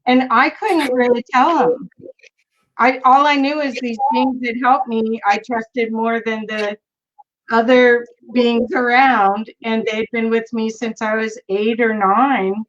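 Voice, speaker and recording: Host, middle-aged woman, higher voice, animated storyteller, dull lo-fi recording. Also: takes it slowly. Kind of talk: casual interview chat. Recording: dull lo-fi sound.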